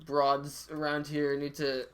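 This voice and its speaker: Bright-voiced young man cursing in banter. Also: on the high side, completely flat delivery, takes it slowly. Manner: profane, joking, laughs often. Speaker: podcast co-host. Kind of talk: crude casual banter.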